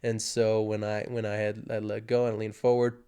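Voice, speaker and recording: A man's voice: lowish voice, normal speed, clean tone. A man casually telling a personal story on a podcast, acting out the moments as he goes. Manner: animated, acts out his own panicked inner voice. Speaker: guest sharing his testimony.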